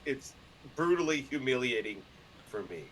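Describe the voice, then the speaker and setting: A man telling stories as a guest in a casual interview, loud, profane and animated, slipping into other people's voices. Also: mid-range voice, moderate pace, slight background noise, poor audio. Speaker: podcast guest and publisher.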